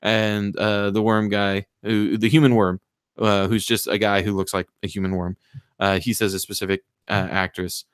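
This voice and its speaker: A man on a podcast excitedly retelling a movie plot, acting out the lines in raised voices and swearing freely. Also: fairly low pitch, normal speed, smooth, no room sound, clean studio sound. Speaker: podcast co-host. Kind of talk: casual chat, retelling a movie.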